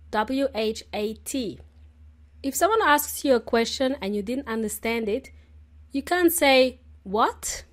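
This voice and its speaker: A woman hosts an English lesson podcast, explaining polite phrases slowly and often checking in with "okay?". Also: high voice. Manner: friendly, explains slowly and spells out words; laughs often, says okay often. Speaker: English teacher and podcast host.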